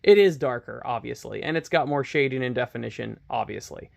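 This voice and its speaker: A man's creaky, mid-range voice moves a little fast as he hosts a casual painting tutorial for his hobby channel. Chatty and self-deprecating, he thinks out loud mid-task, speaking right into a nearby camera microphone.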